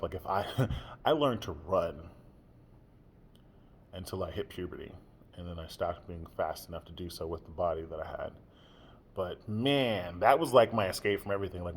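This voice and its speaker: Speaking candidly about himself, a young man on a podcast meanders with plenty of filler words while holding a purposely low, relaxed tone. A little hiss or hum can be heard.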